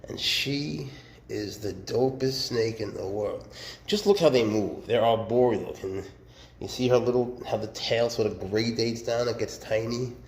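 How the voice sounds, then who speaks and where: A man's voice: mid-range voice, unhurried, darkish tone, a little hiss or hum. A man who keeps snakes, talking casually in a chatty, joking way and speaking tenderly to the animals he handles. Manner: chatty, jokey, talks tenderly to his snakes. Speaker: snake keeper. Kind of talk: casual show-and-tell vlog.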